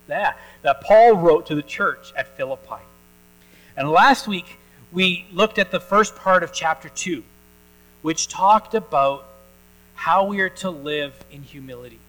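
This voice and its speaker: Male pastor, bright slightly high voice, folksy conversational sermon with plenty of fillers. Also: rough recording. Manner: conversational storytelling, with many fillers and restarts. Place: church.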